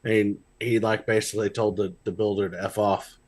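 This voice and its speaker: A man's voice: fairly low pitch, flat delivery, fairly quick, a little mellow. A man co-hosting a podcast, telling a story about past work in a loose, rambling way. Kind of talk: casual chat.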